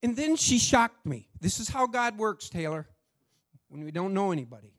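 Animated man telling a testimony. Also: high voice, moderate pace. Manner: animated storyteller acting out dialogue. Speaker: church speaker sharing a testimony. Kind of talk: sermon testimony storytelling.

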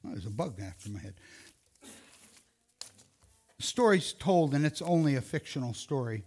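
A man's voice: mid-range voice, very animated, moderate pace, darkish tone, faint music behind. A man telling a story outdoors, loose and rambling, correcting himself as he goes. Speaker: speaker telling a closing story. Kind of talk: informal storytelling.

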